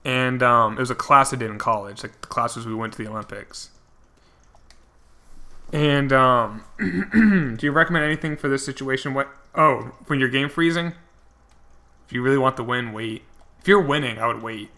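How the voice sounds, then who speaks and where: A young man streams a game and chats as he plays. His voice is bright and clear, and he talks in a loose, rambling way, with many fillers and restarts. He stays casual throughout. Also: medium pitch, normal speed. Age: young adult. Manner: rambling, filler-heavy, chatty. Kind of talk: casual commentary while gaming.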